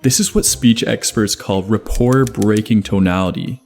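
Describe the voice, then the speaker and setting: A man narrating a scripted video essay in a measured, even explanatory way. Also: lowish voice, vocal fry. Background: faint background music.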